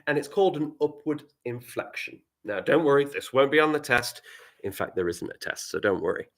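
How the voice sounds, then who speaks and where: Animated English male teacher. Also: medium pitch, fairly quick. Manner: animated, playful, dropping to quiet asides. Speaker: primary school teacher. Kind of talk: live online writing lesson.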